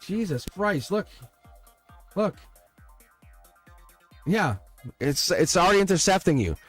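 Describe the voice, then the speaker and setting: Male tarot streamer, slightly high voice, excitable and profane, soft music underneath. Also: slow pace, husky, no room sound. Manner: excitable, swearing, laughing often. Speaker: tarot reader. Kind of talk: live-stream tarot reading.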